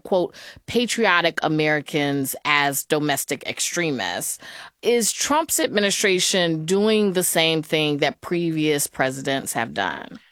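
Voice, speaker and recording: A woman hosts a radio news program, asking questions and introducing reports with calm composure. Her voice is low. The recording is dry and close, with no room sound. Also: dry recording.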